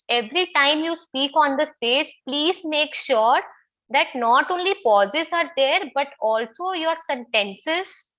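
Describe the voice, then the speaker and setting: A woman's voice: high voice, sharp tone, muffled recording. A woman with an Indian English accent teaching a public speaking class online, often asking the students questions and repeating her points. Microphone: video call.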